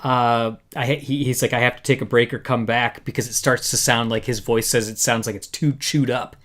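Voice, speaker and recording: A man hosts a casual live discussion at a middle pitch. He talks in a loose, chatty way, stopping and restarting often. He reads quotes aloud between his own comments. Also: fairly even intonation, brisk, a bit bright. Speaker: podcast host.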